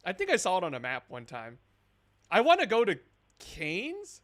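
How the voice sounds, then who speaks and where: Chatty streamer guy, higher voice, bouncy and rambling, laughs a lot. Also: wildly swooping pitch, normal speed, a bit bright. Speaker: scambaiting streamer. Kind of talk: live-stream commentary.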